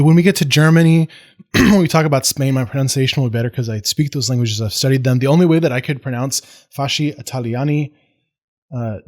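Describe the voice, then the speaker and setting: An American man giving a history lecture in a casual, digressive way, with self-deprecating asides and restarts. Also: mid-range voice. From United States.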